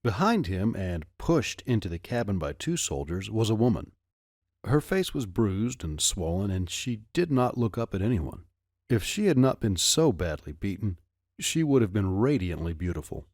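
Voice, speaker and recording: A man narrating a first-person adventure audiobook with expressive storytelling. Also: lowish voice, normal speed, dry recording, clean studio sound.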